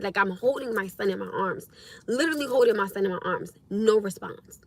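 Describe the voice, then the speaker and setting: A young woman hosting a casual livestream, telling stories to her viewers in a lively, expressive way with frequent laughs. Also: mid-range voice, fast talker, slight background noise. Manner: animated storytelling, laughs often, acts out her own past speech. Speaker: livestream host.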